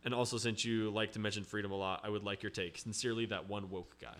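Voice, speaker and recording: A man's voice: fairly low pitch, steady tone, fast talker, a bit bright. Podcast host man reading listener mail.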